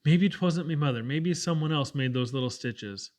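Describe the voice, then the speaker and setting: A man's voice: on the high side, normal speed, a little mellow, natural voice. A man voicing a feverish, anxious young Irish orphan who pleads breathlessly. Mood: distraught.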